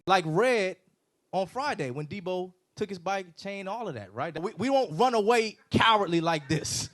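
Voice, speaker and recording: A man preaching a sermon as a pastor, animated and conversational, moving between loud emphatic peaks and quiet, hushed scripture reading. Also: on the high side. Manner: casual conversational asides to the congregation.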